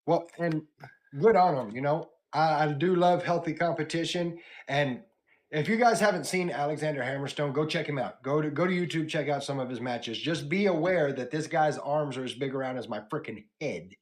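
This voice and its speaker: A man hosting a casual wrestling podcast, animatedly retelling match highlights and chatting with his co-hosts. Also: normal speed. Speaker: podcast host. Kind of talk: casual wrestling recap chat.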